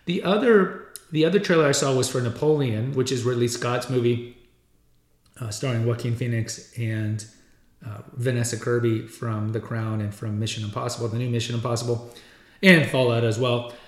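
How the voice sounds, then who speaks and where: A man's voice: medium pitch, fairly even intonation, moderate pace, echoey room. A man hosting a podcast, giving casual movie-trailer commentary in a rambling way, with many restarts and repeats. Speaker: podcast host.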